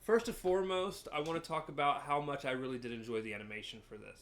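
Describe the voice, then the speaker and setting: A man's voice: fairly high pitch, fast, a bit bright. A man hosting a podcast, explaining at length in a casual review chat with frequent ums. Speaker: podcast host.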